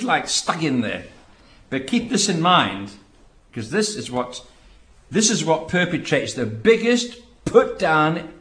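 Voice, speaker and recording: A man leads a Bible study in an echoey room. His voice sits a little high and swings widely in pitch. He reads verses, then breaks off into emphatic asides. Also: fairly bright tone. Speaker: Bible teacher. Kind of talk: Bible study sermon, reading and commenting.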